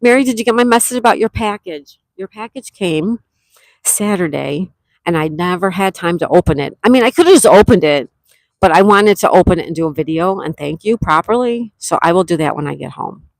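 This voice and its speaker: A woman's voice: fairly low pitch, expressive, fairly quick, creaky, no room sound. Chatty woman greeting her live viewers. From Western New York. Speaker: livestream host. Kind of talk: casual live chat, reading comments aloud. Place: campsite cabin.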